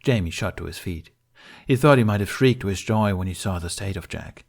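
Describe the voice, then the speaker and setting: A man narrating fan fiction as an audiobook in a steady, emotional storytelling manner. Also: low-pitched, fairly quick.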